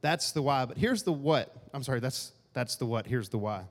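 A man's voice: medium pitch, expressive, normal speed. A man preaching a casual, joking sermon and acting out grumbling asides in a church hall. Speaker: pastor. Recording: long hall reverb.

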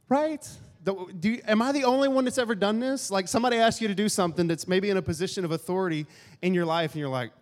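A man's voice: high-pitched, animated, fast talker. A man preaching a casual, joking sermon and acting out grumbling asides in a church hall. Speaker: pastor. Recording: long hall reverb.

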